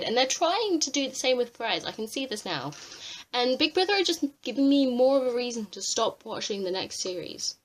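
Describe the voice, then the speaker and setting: A young woman ranting to camera on a vlog, exasperated and swearing freely with animated outbursts. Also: high voice, fairly quick. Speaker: vlogger. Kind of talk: ranting commentary.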